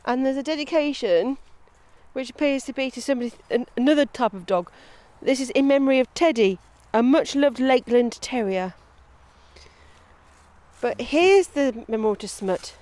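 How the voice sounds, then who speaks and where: A woman's voice: high-pitched, moderate pace, darkish tone. A woman hosting a podcast outdoors on a woodland path, chatting casually, giggling and breaking off into asides while reading aloud. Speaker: podcast host.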